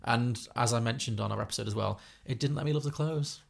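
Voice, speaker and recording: A British man on a podcast talks through films quickly and with strong opinions, restarting his sentences often. His voice is strongly gravelly and somewhat husky, while his pitch stays mid-range. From Britain. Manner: chatty, opinionated, many restarts. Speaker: podcast co-host. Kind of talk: casual film review chat.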